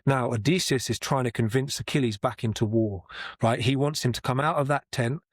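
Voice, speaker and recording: Male explainer, conversational and halting, mid-range pitch, dry close-miked sound. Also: no echo. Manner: conversational, many restarts and repeated words, chants rhythm aloud. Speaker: Shakespeare explainer. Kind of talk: casual explanatory talk to camera.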